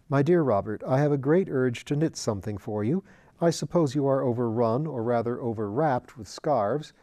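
Guy reading a novel out loud, low warm tone, calm even pace. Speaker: audiobook reader. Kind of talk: reading a novel in letters aloud.

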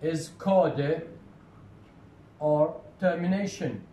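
Lecturing slowly on phonetics, a man repeats points and answers his own questions. He has a fairly high pitch and a dark tone, and the room is echoey with faint background noise.

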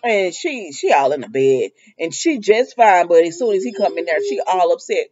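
A woman's voice: lowish voice, sing-song, normal speed, a little mellow, highs cut off. A woman casually recapping a soap opera episode, animatedly acting out the characters' lines and laughing often as she goes. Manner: laughs often while talking.

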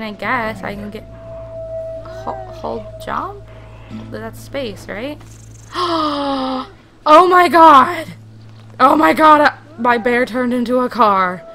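Woman doing game commentary, bright, slightly high voice, excitable, cusses a lot, faint music behind. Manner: excitable, swears freely, talks to game characters. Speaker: let's play gamer.

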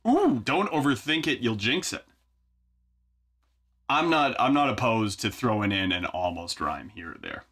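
His voice sits lowish, bright and forceful. Hosting a songwriting video from his home studio, the man thinks aloud as he works, keeping it casual, wry and self-mocking.

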